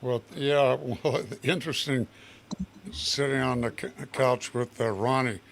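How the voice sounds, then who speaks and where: Older guy singer chatting, lots of uhs, slow and halting. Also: medium pitch, fairly even intonation, vocal fry, fairly bright tone, slight background noise. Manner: halting, many uhs and restarts. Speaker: guest singer. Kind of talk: relaxed studio chat.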